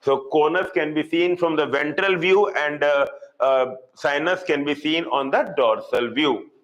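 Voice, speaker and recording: A man with an Indian English accent teaching a live online zoology class, repeating key terms slowly for students. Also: fairly high pitch, a bit bright, lo-fi sound.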